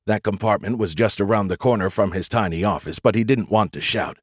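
Steady male audiobook narrator. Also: fairly low pitch, breathy edge, no room sound, clean studio sound. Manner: steady, measured reading.

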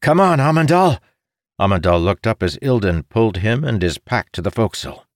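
A man narrating a fantasy audiobook in a steady, measured reading. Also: low-pitched, no echo, studio quality.

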